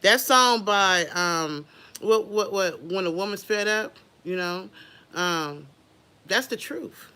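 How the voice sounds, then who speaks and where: A woman's voice: mid-range voice, slow, clean tone. A woman hosting an unscripted livestream, chatting casually and talking straight to her viewers. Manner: animated, chatty, addresses viewers directly. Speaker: livestream host.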